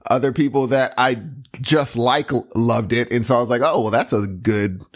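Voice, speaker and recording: A man's voice: medium pitch, moderate pace. A man co-hosting a casual chat podcast, playful and laughing often. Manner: playful, laughs often, repeats words while puzzling. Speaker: podcast co-host and musician.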